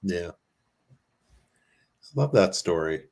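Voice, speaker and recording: A man co-hosting a podcast, talking in a relaxed, conversational way in casual chat. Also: low-pitched, drawn-out words. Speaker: podcast co-host.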